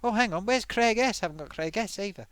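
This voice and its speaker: Chatty, animated man hosting a live stream. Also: high-pitched, fast, clean tone, dry recording. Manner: rambling, chatty, self-amused, many fillers. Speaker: live-stream host reading viewer comments. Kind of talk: casual live-stream chat.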